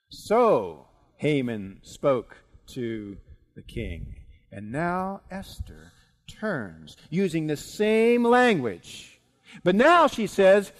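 Dramatic slow-talking preacher man. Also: fairly high pitch, sing-song. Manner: dramatic storytelling, wide swings between loud and hushed. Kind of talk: sermon.

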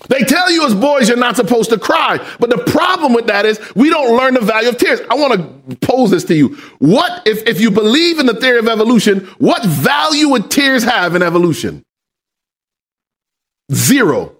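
A man pastor preaching a sermon, asking the congregation questions and building up to shouted emphasis. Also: very high-pitched, very animated, normal speed. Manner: call-and-response questions to the congregation.

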